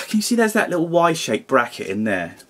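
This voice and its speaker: A man's voice: fairly high pitch, big pitch swings, moderate pace, fairly bright tone, a little hiss or hum. A man giving a casual hands-on toy review, grumbling and exasperated, with mild swearing.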